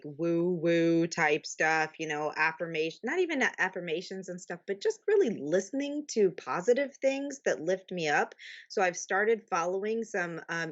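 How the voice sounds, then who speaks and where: A woman's voice: on the low side, highs cut off. A woman guest in a candid podcast chat, chatty and laughing, with many restarts. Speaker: guest, publisher.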